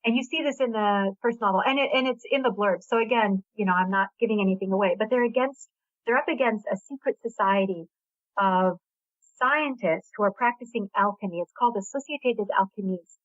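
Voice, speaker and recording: Speaking briskly in a mid-range voice with no room sound, a middle-aged novelist chats with enthusiasm in a casual interview, adding small laughs. She was born in Hungary but has an American accent. The call sounds tinny and dry, like a phone line.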